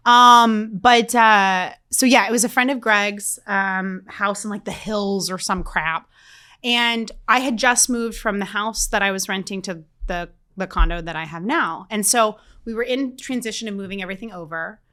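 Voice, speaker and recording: Bright, animated woman telling a story. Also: medium pitch, normal speed. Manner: animated, self-mocking, swears freely. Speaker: podcast co-host. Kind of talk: casual storytelling chat.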